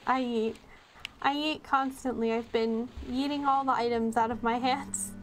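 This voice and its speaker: High-pitched gal streaming a creepy game, giggly and sarcastic, talks to chat a lot. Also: female voice, fairly even intonation, normal speed, a little hiss or hum. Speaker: streamer playing a horror game. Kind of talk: live game commentary.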